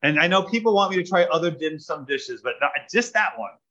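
Brief: male pastor, lively pitch, bright tone, muffled lo-fi recording. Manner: animated, pausing for interpreter. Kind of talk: sermon with live interpretation. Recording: dull lo-fi sound.

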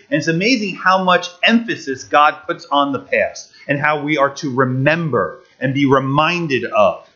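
A man preaching a sermon, pausing for an interpreter and asking the listeners many rhetorical questions. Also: fairly high pitch, animated, pushed and bright. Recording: dull lo-fi recording.

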